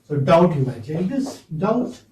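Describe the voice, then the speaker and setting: Slow, high-voiced male teacher. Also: sing-song, mellow. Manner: slow, drawn-out, coaxing students with repeated questions. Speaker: English teacher. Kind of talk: classroom phonetics lesson. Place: classroom. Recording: echoey classroom from far off.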